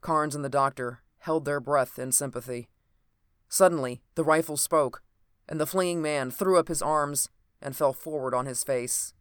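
A narrator reading an old adventure novel aloud in a steady, even storytelling manner. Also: medium pitch, moderate pace, smooth, no room sound, studio quality.

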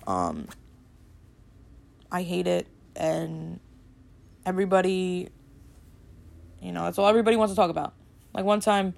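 A woman hosting a casual solo podcast, rambling and chatty with lots of fillers, a little snarky and brisk. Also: fairly low pitch, lively intonation, vocal fry, darkish tone. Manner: rambling and chatty, full of "like" and "you know"; brisk, slightly snarky delivery. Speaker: podcast host.

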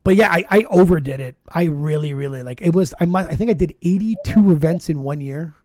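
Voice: mid-range voice, a little fast, darkish tone, no echo. Swearing wedding DJ with a dry sound. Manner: profane, rambling storyteller. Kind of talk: casual podcast chat.

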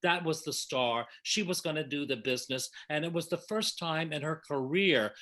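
Older man, bright emotional storytelling voice. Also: fairly high pitch, moderate pace. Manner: warm, emotional, effusive reminiscing. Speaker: panel guest reminiscing. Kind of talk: casual storytelling.

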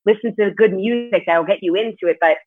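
A woman's husky, medium-pitched voice moves fairly quickly as she chats candidly in a casual podcast interview. She's a martial arts competitor appearing as a guest, swears occasionally, and is heard over a tinny, phone-like line.

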